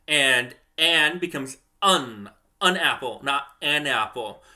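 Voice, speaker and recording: Male educator, bright and slightly high, speaks in a reflective, questioning way. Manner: thoughtful, asks the listener questions, says example phrases aloud slowly. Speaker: language educator. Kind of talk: explanatory video lesson.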